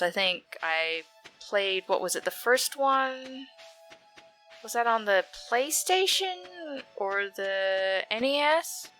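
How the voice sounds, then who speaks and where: A woman's voice: on the low side, sharp tone, poor audio. Chatty young woman rambling through gameplay. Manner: chatty, rambling, self-deprecating. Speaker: let's play gamer. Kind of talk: casual gaming commentary. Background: game music.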